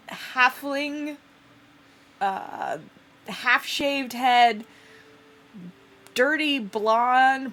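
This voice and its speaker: Woman game master, high voice, slow unhurried narration, casual, swears. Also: a bit bright.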